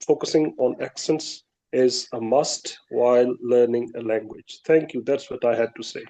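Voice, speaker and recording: A man joining an English practice video call, speaking politely and formally and pausing often on uh fillers. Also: medium pitch, steady tone, dark tone, low-quality recording. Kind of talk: casual group video call chat.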